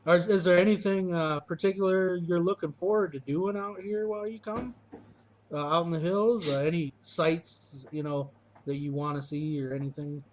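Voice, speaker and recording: A man with a high voice hosts a podcast interview. He asks his questions hesitantly and fills the gaps with plenty of ums and uhs. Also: fairly even intonation, normal speed, a little hiss or hum. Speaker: podcast host.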